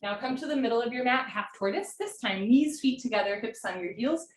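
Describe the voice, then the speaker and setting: A young woman teaching a live yoga class, giving brisk step-by-step cues and getting breathy as she does the poses along with the class. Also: a little high. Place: room at home, live video call. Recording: roomy sound from far off the mic, faint hiss.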